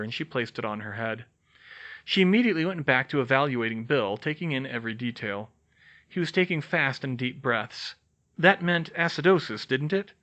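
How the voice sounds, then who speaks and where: A man reading fan fiction aloud as an audiobook narrator, expressive in delivery. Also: medium pitch, dull audio. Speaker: audiobook reader.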